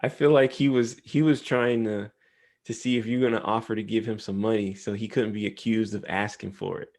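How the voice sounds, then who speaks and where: A man co-hosting a podcast, chatting casually and laughing along with quick agreeing replies. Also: fairly low pitch, fairly even intonation, a little mellow. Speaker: podcast co-host. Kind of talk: casual chat.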